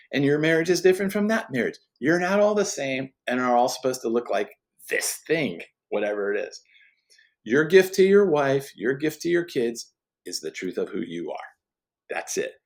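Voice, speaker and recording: Man, guest speaker, conversational faith teaching, emphatic, earnest, restarts sentences, medium pitch. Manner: earnest and emphatic, with frequent restarts and quick laughs.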